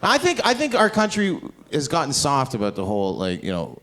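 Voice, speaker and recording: A man doing a brash stand-up comedy set, tossing off deadpan asides. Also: medium pitch, normal speed, hardly any pauses. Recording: live comedy club with crowd laughter.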